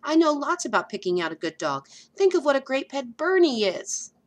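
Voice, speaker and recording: A woman's voice: high-pitched, sing-song, normal speed, pitched above the performer's own voice. A woman voicing a serious young girl who lectures her best friend with earnest bossiness. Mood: bossy.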